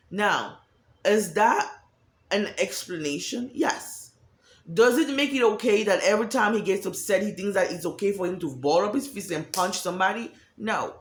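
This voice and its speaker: A woman's voice: medium pitch, animated, normal speed. A woman giving a candid, profane monologue about emotions, acting out quoted voices as she talks. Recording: echoey room.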